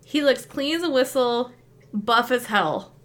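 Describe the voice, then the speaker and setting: A woman's voice: a little high, expressive, unhurried, fairly bright tone. A woman narrating as game master, casual and full of filler words.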